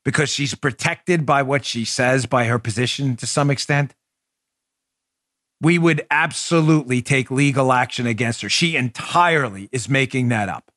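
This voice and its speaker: Male talk host, mid pitch, sarcastic and heated, dry close studio sound. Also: normal speed, a bit bright, dry recording. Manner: sarcastic and mocking; emphatic and heated. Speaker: show host. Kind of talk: political commentary show.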